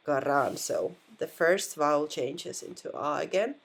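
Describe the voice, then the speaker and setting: Slow, patient Finnish woman teaching. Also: deep voice. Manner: patient, repeats words to model pronunciation. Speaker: language teacher. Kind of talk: explaining a language lesson.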